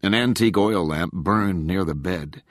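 A man narrating an audiobook in a measured, expressive way. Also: deep voice, no room sound, clean studio sound.

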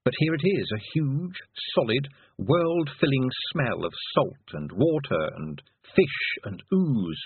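A man's voice: medium pitch, very animated, slow, slightly rough, no echo, exaggerated voice. A man voicing a stubborn, matter-of-fact young girl who talks in a prim, insistent, lecturing way, on a thin phone-like recording.

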